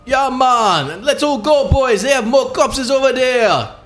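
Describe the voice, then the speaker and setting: A man's voice: extremely high pitch, lively intonation, a little slow, a bit bright, soft background music, pitched above the performer's own voice, full character voice. A man voicing a friendly, laid-back crab who calls everyone "man" in a tabletop game. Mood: cheerful. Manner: easygoing, drawling "man". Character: friendly laid-back male cave crabs.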